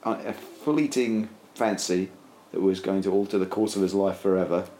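Deep-voiced man rambling through a comic tale. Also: moderate pace, slight background noise. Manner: rambling, deadpan, many fillers. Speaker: storyteller. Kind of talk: casual comic storytelling. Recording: roomy echo, faint ambience.

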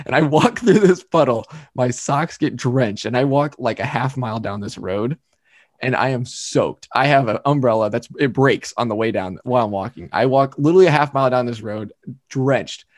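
A young man co-hosting a podcast, telling stories in an animated way and laughing often. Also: medium pitch, no echo, clean studio sound. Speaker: podcast co-host. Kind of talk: casual chat.

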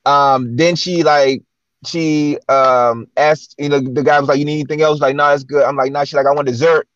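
A man guest-hosting a chat show tells stories casually and animatedly, acting out the dialogue he quotes. His voice is a little high at a moderate pace, with no room sound and dull audio.

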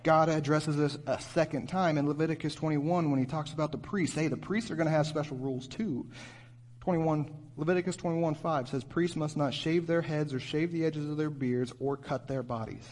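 Man preaching a lively youth sermon. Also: a little high, moderate pace. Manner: animated, conversational teaching with rhetorical questions. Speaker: youth pastor.

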